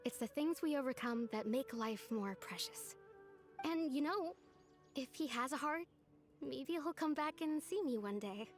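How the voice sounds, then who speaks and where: An actress voicing a soft-spoken, wistful young woman in a video game, bravely hiding heartbreak. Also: high-pitched, expressive, measured pace, faint music behind. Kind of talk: game voice acting.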